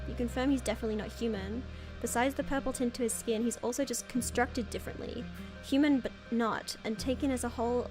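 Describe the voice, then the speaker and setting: A woman streamer reading a story game aloud, excitable, with squeals and dramatic reactions. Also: fairly high pitch.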